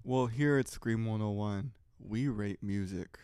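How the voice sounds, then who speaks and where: A young man co-hosting a casual podcast, talking in a drawling, low-energy deadpan. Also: measured pace, smooth, no room sound, clean studio sound. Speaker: podcast co-host.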